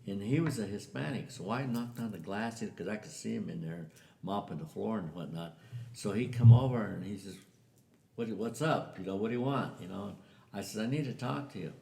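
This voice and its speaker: A man's voice: on the low side, fairly quick, gravelly, warm tone. An older man telling a family story in a casual way, acting out the voices of the people in it. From US Southwest. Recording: echoey room.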